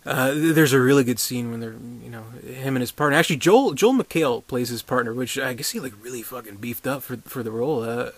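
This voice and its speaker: A man's voice: medium pitch, brisk, few pauses, no room sound. Rambling man reviewing a film, dry sound. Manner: rambling, many restarts, chuckling asides; profane, sarcastic. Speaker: movie reviewer. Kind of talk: casual spoken movie review.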